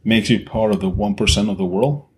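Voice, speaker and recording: A man's voice: lowish voice, fairly quick, slight background noise. A man co-hosting a podcast in casual chat, talking bluntly and swearing freely as he pushes strong opinions. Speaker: podcast co-host.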